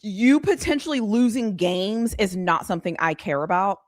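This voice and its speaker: A woman's voice: mid-range voice, normal speed, no room sound, studio quality. A woman host ranting bluntly and sarcastically in a casual live-stream chat. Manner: animated, exasperated, blunt, sarcastic. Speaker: sports commentary host.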